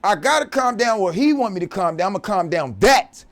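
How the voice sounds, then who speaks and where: A man's voice: high-pitched, animated, brisk. A man delivering a profane, confrontational religious rant as a vlogger. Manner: profane, aggressive, preachy.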